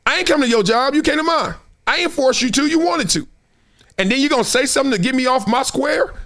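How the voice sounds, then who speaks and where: A man in his forties hosting a casual sports talk stream, animated and trash-talking, slipping into put-on fan voices. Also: extremely high pitch, quick pace. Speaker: show host.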